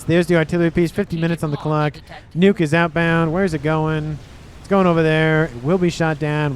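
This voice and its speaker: A man casting a real-time strategy match, excitable and talking straight to the players. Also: a little high, slight background noise. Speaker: game caster. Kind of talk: strategy game commentary.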